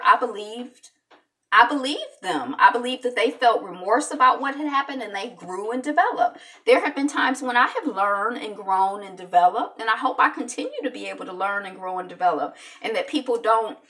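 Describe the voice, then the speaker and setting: A woman hosting an online talk show, rambling and animated, with many restarts and quoted asides. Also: fairly high pitch, recorded from a distance. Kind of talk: casual opinion talk.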